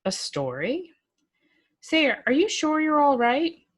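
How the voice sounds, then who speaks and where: Lady reading as an anxious young guy calling his aunt, pitched up and pressing. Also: very animated, slow pace, heavily acted. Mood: worried. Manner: anxious, questioning. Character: worried young man on the phone.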